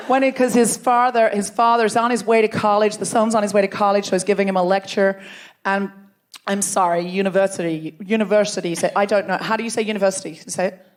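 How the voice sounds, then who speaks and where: A woman hosting a live comedy show, bantering playfully and teasing the audience from a theatre stage. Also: mid-range voice. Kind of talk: live stand-up crowd work.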